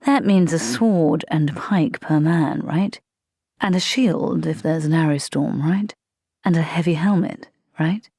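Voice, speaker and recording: A woman's voice: deep voice, unhurried, dark tone, husky, dry recording, studio quality, full character voice. A woman voicing a sly male vampire soldier recruit who draws out his words for theatrical menace. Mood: pressing.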